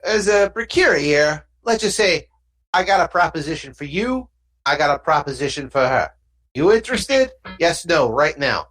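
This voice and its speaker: Game master doing a pushy alien mobster thug, street slang, raised pitch, very lively swings. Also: normal speed. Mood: bargaining.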